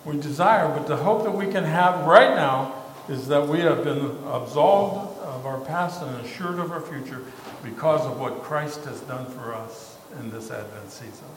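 A male pastor telling a story in a casual, halting sermon full of fillers and repeated words. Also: on the high side, slight background noise. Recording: echoey hall with faint ambience.

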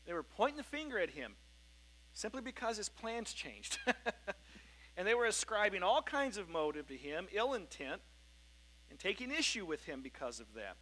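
A middle-aged man preaching a sermon in an easygoing, anecdotal style. His voice sits a little high and rings bright and forward. He wanders through fillers and self-corrections as he talks. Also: big pitch swings, moderate pace, slight background noise, poor audio. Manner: conversational storytelling, many fillers and self-corrections. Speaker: pastor.

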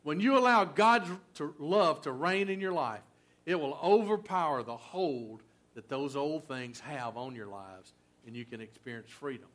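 A man's voice: fairly high pitch, animated, moderate pace, fairly bright tone. A man preaching a sermon in a folksy, conversational way, full of fillers and asides. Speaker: pastor.

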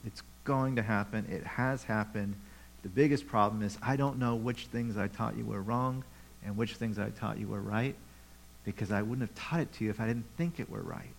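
A man's voice: lowish voice, moderate pace, creaky, a little hiss or hum, poor audio. A pastor preaching a conversational sermon to his church, with rhetorical questions and repeated phrases.

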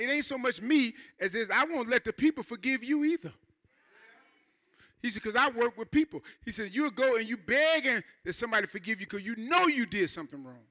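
His very high-pitched voice is expressive and sharp as the pastor talks casually to his church, quickly acting out congregants mid-sermon.

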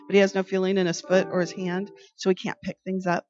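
A woman's voice: medium pitch, little pitch movement, fast, darkish tone. A woman hosting a devotional podcast, telling a family story in an earnest, conversational way with frequent restarts. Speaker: podcast host. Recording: slightly dull recording with faint music.

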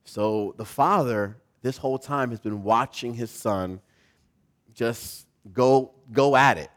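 A pastor preaching a sermon, telling a story with animation and putting questions to the congregation. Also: male voice, medium pitch, takes it slowly.

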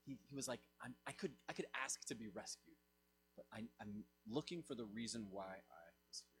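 A man preaching a sermon as pastor, swinging from loud emphatic lines to soft low asides. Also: lively intonation, moderate pace, a little hiss or hum.

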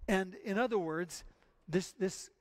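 A man's voice: high voice, a little slow. A male pastor preaching a sermon in an earnest, emphatic way, often repeating his phrases.

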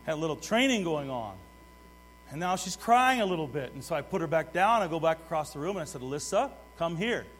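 A middle-aged man preaching a sermon, swinging between loud urgent exhortation and hushed asides while putting direct questions to the congregation. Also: fairly high pitch, expressive, fast. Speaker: pastor. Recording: long hall reverb with mains hum.

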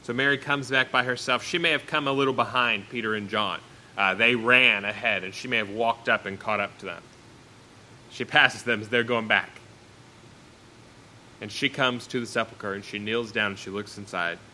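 A man preaching to a congregation with a bright, ringing voice. He reads scripture aloud in old wording, then retells it in plain speech. His voice climbs high and loud, then falls low and quiet. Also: fairly even intonation, normal speed, slight background noise, rough recording. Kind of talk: sermon.

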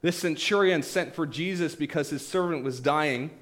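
A pastor preaching a sermon, retelling stories with acted-out quoted voices, swinging between loud bursts and hushed, quiet passages. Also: male voice, a little high, normal speed.

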